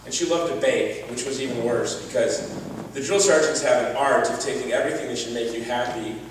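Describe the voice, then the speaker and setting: A man's voice: medium pitch, brisk, slight background noise. A man giving an earnest personal testimony as a gala speaker, with touches of wry humor. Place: large event hall. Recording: distant echoey hall recording.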